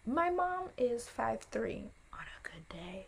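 A young woman chatting to camera at an unhurried pace, her fairly high voice settling into a gravelly fry. She rambles through tangents, apologizes, and adds playful asides as she tells her story. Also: animated. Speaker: vlogger.

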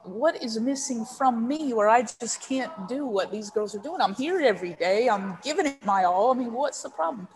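A woman's voice: fairly high pitch, animated, normal speed, few pauses, slight background noise. A woman from Texas, a leadership coach guesting on a podcast, telling a personal story in an earnest, heartfelt way with many ums. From San Antonio, Texas. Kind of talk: storytelling interview.

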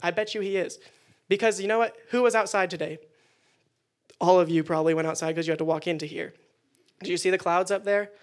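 A man preaching a casual youth sermon indoors to listeners, energetic and conversational with jokes. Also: high-pitched, fast talker, pauses often. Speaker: youth pastor. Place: indoor meeting room with listeners.

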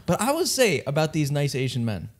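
A man in casual chat, joking and chiming in with quick banter. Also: a little high, wildly swooping pitch, a little hiss or hum.

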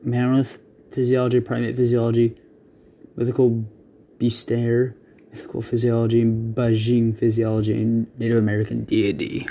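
A man hosting his own creature battle show, reading lists haltingly, stumbling over words and clearing his throat often. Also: medium pitch, completely flat delivery, mellow, slight background noise. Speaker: host of a creature battle channel. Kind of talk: casual read-out narration.

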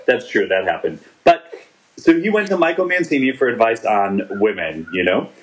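A man in his forties, co-hosting a podcast, wanders jokily through a review of a TV episode, often starting his sentences over. He speaks at a moderate pace in a lowish, sing-song voice. The audio quality is poor.

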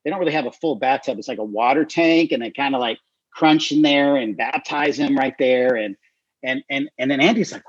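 A man, a guest author and missionary, telling stories in an interview with an animated manner and frequent fillers. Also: mid-range voice, fairly quick, slightly rough, no echo. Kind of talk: storytelling in an interview. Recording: dry, slightly dull recording.

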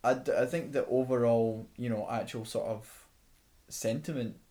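A man's voice: medium pitch, normal speed, dark tone. A man co-hosting a casual film review chat, loose and swearing freely. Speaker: film podcast co-host.

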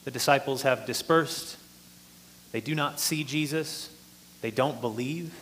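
A man's voice: mid-range voice, a little slow, fairly bright tone, a little hiss or hum. A man preaching a sermon, explaining a passage earnestly and rising in force for emphasis.

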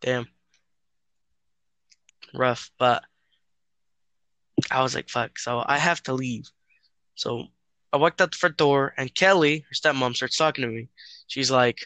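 A man's voice: mid-range voice, a little slow, long pauses, bright, forceful tone, dry recording. A young man chatting casually with a friend over a voice call, telling a story in a hesitant, rambling way with lots of fillers and swearing.

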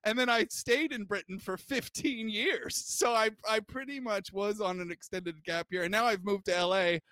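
Bright, high-voiced male podcast host. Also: normal speed, dry recording. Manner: laid-back, joking storytelling. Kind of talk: casual podcast chat.

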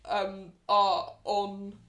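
A woman's voice: mid-range voice, flat delivery, extremely slow, a bit bright, reverberant. A woman co-hosting a podcast in casual chat, retelling scenes and quoting characters in passing. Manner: chatty, retells scenes with quoted voices. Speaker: podcast co-host.

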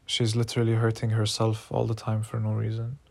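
A man's voice: fairly low pitch, monotone, fairly quick, creaky, darkish tone, no room sound. A man in his twenties talking frankly and emotionally in a personal diary vlog, swearing freely when worked up. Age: 20s. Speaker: vlogger.

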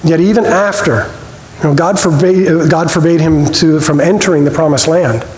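A man teaching a church Bible study, conversational with small restarts, reading scripture with expressive emphasis. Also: a little high, moderate pace. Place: church hall. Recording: roomy hall reverb, faint noise.

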